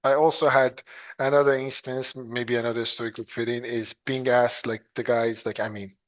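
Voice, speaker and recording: A man's voice: mid-range voice, little pitch movement, moderate pace. A man talking casually as a podcast guest, hesitant, with many fillers and restarts, chuckling as he tells stories. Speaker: podcast guest, clean energy engineer. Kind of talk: casual interview talk.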